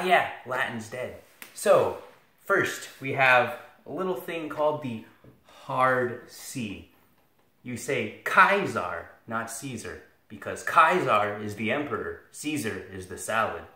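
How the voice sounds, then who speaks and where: A man's voice: medium pitch, bright, forceful tone. A man giving a casual, joking Latin lesson, sarcastic and rambling, with self-deprecating asides. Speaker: video tutor for Latin students. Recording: echoey room.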